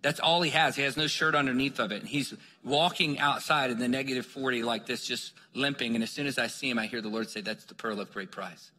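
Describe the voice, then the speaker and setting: Animated male preacher in a reverberant hall. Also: mid-range voice, fast talker, few pauses. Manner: animated storyteller acting out dialogue. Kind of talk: sermon storytelling.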